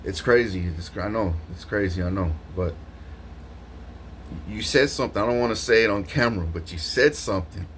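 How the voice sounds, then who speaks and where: Vlogger guy, lowish voice, rambling and slangy, laughs a lot, faint hiss behind. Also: a little fast. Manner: animated, laughs often, slangy, lots of restarts. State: just woke up from a nap. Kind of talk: rambling casual monologue to camera.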